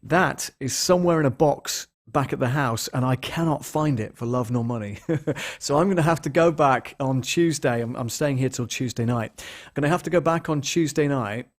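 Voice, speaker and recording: This live streamer chats and rambles from a sparse apartment lounge, calling out viewers by name with plenty of ums. He talks at a normal speed with a medium-pitched voice, using a big studio mic that shifts position now and then.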